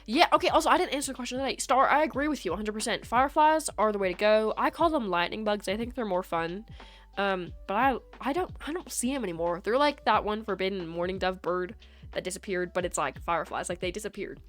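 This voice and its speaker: A woman's voice: mid-range voice, fast talker, faint music behind. A young woman streaming live, chatting casually with her chat and joking and teasing as she goes.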